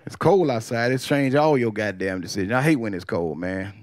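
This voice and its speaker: A man doing a profane stand-up comedy set, telling loose stories with quick character voices. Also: medium pitch, animated. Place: comedy club stage with audience. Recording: loud crowd laughter behind.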